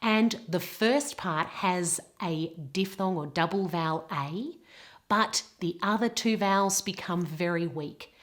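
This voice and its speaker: Slow, carefully enunciating British woman teacher. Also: lowish voice. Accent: British English. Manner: slow, carefully articulated, modelling words. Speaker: pronunciation teacher. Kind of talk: pronunciation lesson.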